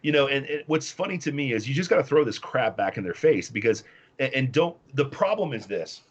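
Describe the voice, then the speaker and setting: A man's voice: mid-range voice, big pitch swings, brisk, slightly rough, dull audio. A man from the US Midwest, a guest on a talk show, ranting bluntly and combatively about politics. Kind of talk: casual political chat.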